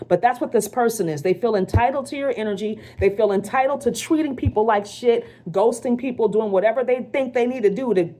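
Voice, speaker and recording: A woman talks through a spiritual card reading in a casual, conversational way. She is frank and profane, and she keeps checking in with her listener. Her voice sits at an ordinary, mid pitch for a woman. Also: darkish tone. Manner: blunt and profane, with frequent check-ins to the listener.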